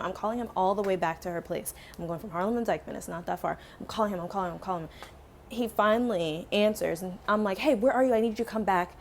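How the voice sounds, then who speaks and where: A woman's voice: mid-range voice, slight background noise. A young woman chatting through a casual storytime while doing her hair, acting out every voice in the story. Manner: animated storytelling, acts out both sides of dialogue. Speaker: beauty vlogger.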